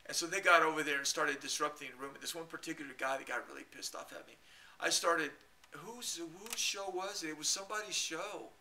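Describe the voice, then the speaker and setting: A man telling a long rambling story to his camera, halting and repeating himself and chuckling often. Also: on the high side, pushed and bright, a little hiss or hum. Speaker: video blogger.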